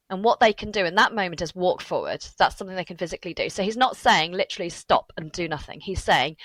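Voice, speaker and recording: Lively woman author telling a story. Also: on the low side, fairly quick, dry recording, poor audio. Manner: animated storytelling with laughs and asides. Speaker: author guest. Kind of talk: podcast interview.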